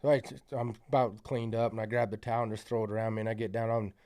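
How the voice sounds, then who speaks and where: A man's voice: lowish voice, flat delivery, quick pace, a little mellow. Rambling, profane storytelling man. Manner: rambling, profane, many fillers. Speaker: podcast guest. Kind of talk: casual storytelling.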